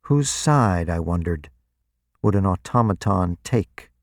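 Deep, slow male audiobook narrator. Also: lively intonation, no room sound, studio quality. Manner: deliberate and introspective. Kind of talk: scripted first-person narration.

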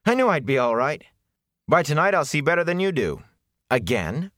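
A man voicing an excitable young man who boasts eagerly. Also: mid-range voice, moderate pace, no echo, clean studio sound, voice pushed up, natural voice. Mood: excited.

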